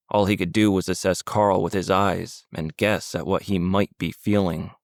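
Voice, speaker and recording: Audiobook narrator, male, deep gravelly voice, steady and measured. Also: no echo, clean studio sound. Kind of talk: scripted narration.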